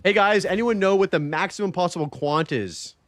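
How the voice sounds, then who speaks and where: A man streaming a game live, chatting casually, reading chat aloud and swearing freely in loose, excitable talk. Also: high-pitched, brisk, no room sound.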